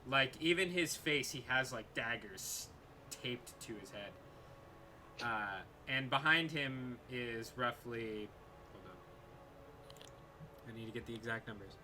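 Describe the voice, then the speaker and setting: A man narrating as game master of a tabletop game, unhurried and hesitant with many fillers. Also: medium pitch, expressive, pushed and bright, a little hiss or hum.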